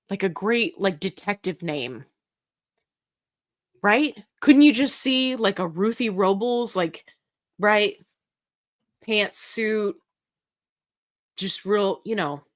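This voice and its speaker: A woman hosts a casual livestream and answers viewer questions one after another. She reads their comments aloud and chats back in a relaxed, goofy way, sometimes playing with voices. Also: mid-range voice. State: getting tired. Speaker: host answering live chat questions.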